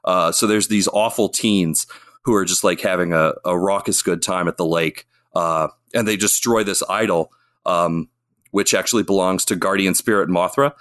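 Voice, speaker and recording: A man's voice: low-pitched, moderate pace, a bit bright. A man in casual podcast chat, rambling enthusiastically about monster movies and acting out lines. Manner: enthusiastic, rambling, acts out quotes. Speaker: podcast co-host.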